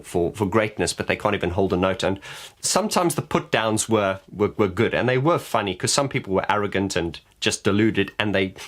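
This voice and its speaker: A man's voice: on the low side, a bit bright. A man vlogging to camera, giving frank opinions in a blunt way and often restarting his words. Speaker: vlogger and vocal coach. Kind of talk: casual opinion rant to camera.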